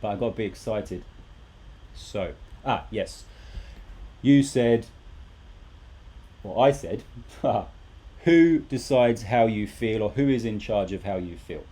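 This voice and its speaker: A man's voice: on the low side, slow, pauses often, mellow, breathy edge. A man teaching a live English lesson, talking animatedly and repeating rhetorical questions to his students.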